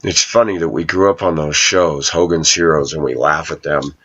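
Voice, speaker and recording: A man's voice: very deep voice, steady tone, normal speed, a bit bright, husky, dull audio. A man hosting his own channel, telling workplace stories in a sarcastic, rambling way. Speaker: YouTube channel host. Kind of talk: casual talking-to-camera monologue.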